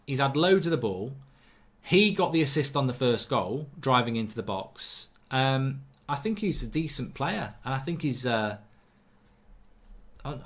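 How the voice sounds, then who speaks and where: Bloke hosting a footy watchalong, chatty, reads out chat, gets fired up about ref calls. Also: male voice, mid-range voice. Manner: chatty, opinionated, quick to get worked up over refereeing. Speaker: host of a live football watchalong. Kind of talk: live match watchalong chat, reading out viewer comments.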